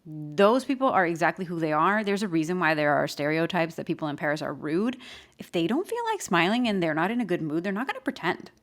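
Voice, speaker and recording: A woman hosting a podcast, giving casual advice in an emphatic, animated way and laughing often. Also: lowish voice, fast talker. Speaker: podcast host.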